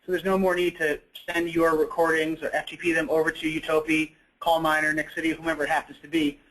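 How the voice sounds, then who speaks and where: A man's voice: a little high, completely flat delivery, fast, fairly bright tone, rough recording. A man presenting a product in a webinar, talking conversationally with frequent fillers and self-corrections.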